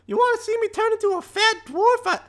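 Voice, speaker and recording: A man's voice: extremely high pitch, fast, fairly bright tone, pitched above the performer's own voice. A man voicing a sly male changeling thief who brags offhandedly in a tabletop game. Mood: cheeky.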